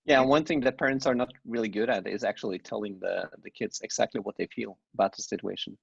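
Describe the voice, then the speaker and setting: Man, middle-aged, raspy voice, frank, opinionated, dry lo-fi sound. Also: on the low side, fast, no echo. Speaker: divorced father. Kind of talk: casual conversation.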